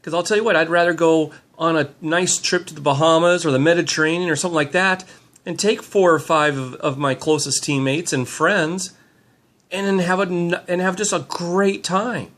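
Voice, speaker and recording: A man's voice: on the high side, steady tone, moderate pace, a bit bright. Upbeat middle-aged man rambling on camera. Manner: upbeat, rambling, lots of fillers. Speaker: team leader giving motivational talk. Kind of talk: handheld motivational vlog. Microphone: handheld camera mic.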